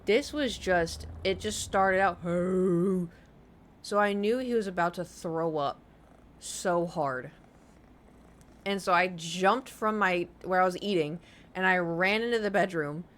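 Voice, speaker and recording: A woman's voice: on the low side, unhurried, a bit bright. Young woman streamer with a slight lisp. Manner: chatty, rambling, self-mocking storyteller who laughs often. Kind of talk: casual live-stream chat.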